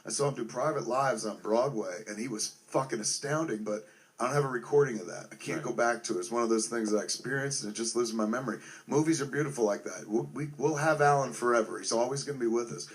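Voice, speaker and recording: A man's voice: mid-range voice, quick pace. A man in his forties, a filmmaker, giving a casual spoken tribute to a friend, swearing constantly and rambling with lots of "like" and "man". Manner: profane, rambling, heartfelt, heavy on fillers like "like" and "man".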